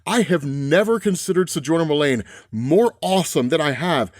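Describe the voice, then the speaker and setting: A man's voice: a little high, lively intonation, moderate pace, darkish tone, no echo, clean studio sound. A man giving a casual, conversational comic book recap and often tossing in rhetorical questions. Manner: conversational, frequent rhetorical "right?".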